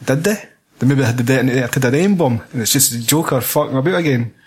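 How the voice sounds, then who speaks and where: Sweary Scottish man, husky voice. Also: mid-range voice, animated, fast talker. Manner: sweary, rambling, laughs often. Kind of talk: casual film chat.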